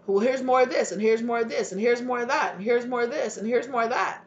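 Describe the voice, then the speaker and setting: A woman gives a tarot reading in a relaxed, chatty way, telling it as a story. She acts out each person in it with lively swings in her voice. The audio sounds a little dull and lo-fi. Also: on the high side, fast, few pauses. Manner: animated storytelling, acting out voices of people in her stories. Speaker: tarot reader. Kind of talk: casual tarot reading monologue.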